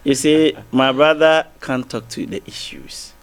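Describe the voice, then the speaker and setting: A man's voice: medium pitch, a little slow, clean tone. A man with a Ghanaian English accent arguing as a guest on a TV panel, circling back with repeated restarts and rhetorical questions. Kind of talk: heated TV panel debate.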